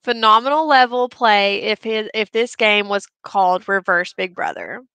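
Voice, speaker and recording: A woman's voice: medium pitch, animated, moderate pace, pushed and bright, clear, resonant tone, dry recording. A woman co-hosting a casual reality TV chat show, chatty and teasing. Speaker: co-host.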